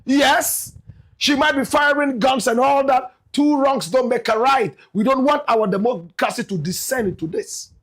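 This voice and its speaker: Ghanaian man, political commentator, high husky voice, swings wide in pitch, emphatic. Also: moderate pace. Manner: emphatic, repeats "my brother, my sister", bursts into shouts.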